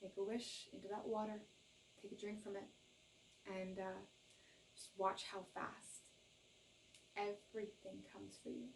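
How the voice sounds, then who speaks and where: A woman's voice: mid-range voice, flat delivery, measured pace, pauses often, far from the mic, slight background noise, poor audio. A woman giving a tarot reading to camera, earnest and reassuring, often checking in with "okay?" and gushing with emotion. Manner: gushes with emotion. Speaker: tarot reader.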